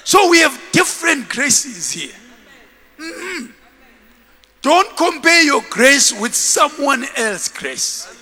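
A man preaching a lively sermon as bishop, shouting and laughing, having the congregation repeat after him. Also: very high voice, slow pace. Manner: animated, shouting, with bursts of laughter. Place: large church hall. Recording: long reverb of a church hall.

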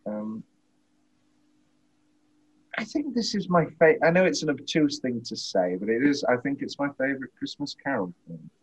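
A man's voice: medium pitch, big pitch swings, moderate pace, pauses often, husky. Rambling, laughing male podcast host. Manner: rambling, self-interrupting, laughs often. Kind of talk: casual film discussion. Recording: dull lo-fi podcast audio.

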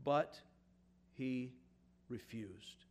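A male pastor preaching a sermon in a conversational, folksy way, swinging from quiet asides up to emphatic, louder points. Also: very slow. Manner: rises in pitch and volume for emphatic points, drops to quiet asides.

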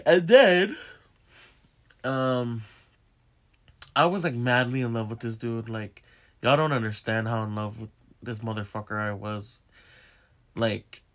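Bright-voiced young man telling a story. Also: medium pitch. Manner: profane, candid and animated, talks straight to viewers. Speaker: vlogger. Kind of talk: casual confessional storytelling.

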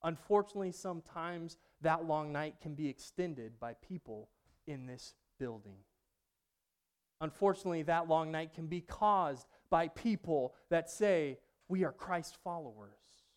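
A man preaching a personal testimony sermon, moving between hushed passages and loud outbursts. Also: a little high, a little slow, clear, resonant tone. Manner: dynamic, swings from hushed to loud.

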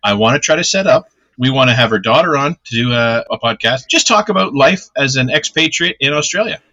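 A man co-hosting a podcast in casual chat, cracking deadpan one-liners. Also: medium pitch, fairly quick, muffled recording. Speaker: podcast co-host.

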